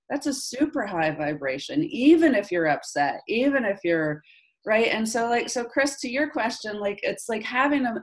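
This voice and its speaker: A woman in her forties leading a group coaching call, talking animatedly and often checking in with the listener. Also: medium pitch. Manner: animated, keeps checking in with "right?". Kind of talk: casual coaching chat. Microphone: video call.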